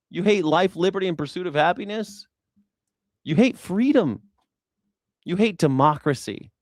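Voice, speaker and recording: A man's voice: sits high, lively intonation, normal speed, dry recording, studio quality. A man streaming political commentary in a heated, profane rant, sarcastic and mocking his opponents. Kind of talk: ranting live stream commentary.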